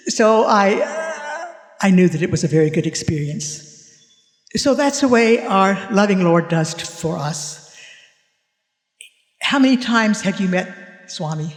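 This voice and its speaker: A man's voice: high voice, expressive, slow pace, pauses often. A man giving a spiritual talk at a conference, telling a personal story and acting out the dialogue with animation. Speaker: conference speaker. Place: conference hall. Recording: echoey hall reverb.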